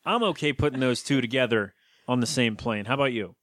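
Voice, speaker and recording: A man's voice: mid-range voice, a little fast, a bit bright, no echo, clean studio sound. A man co-hosting a podcast, chatting casually and jokingly about a TV episode, rambling with lots of fillers. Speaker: podcast co-host. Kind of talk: casual chat recapping a TV episode.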